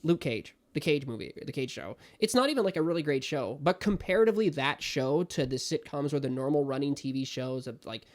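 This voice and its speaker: A man co-hosting a podcast in casual chat, excitable and given to ranting, with his voice jumping loud and high when worked up. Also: fairly quick, few pauses. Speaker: podcast co-host.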